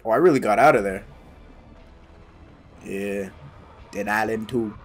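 A young man casually commenting while playing a game, excitable and swearing, yelling at sudden scares. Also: lowish voice, unhurried, soft background music. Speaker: gaming YouTuber.

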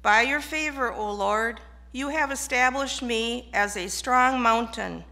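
A woman serving as lay reader, reading a psalm aloud in a measured, deliberate way during a church service. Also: on the high side, bright, forceful tone. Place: church sanctuary.

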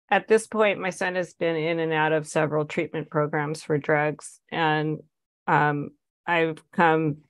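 A woman's voice: lowish voice, vocal fry, dry recording. A woman, an author, reading aloud from her own memoir in an earnest, emotionally charged way.

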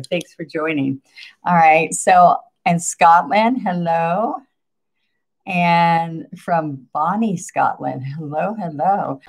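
Chatty older woman with a low gravelly voice. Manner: chatty, greets viewers, laughs often. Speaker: painting instructor hosting a livestream. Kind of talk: casual live painting lesson.

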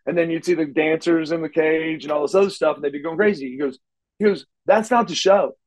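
Talking fast in a voice on the high side, a wrestler guest recounts wrestling tales in a casual interview. He gets animated, acts out quotes, and stumbles over repeated words, all captured in poor audio.

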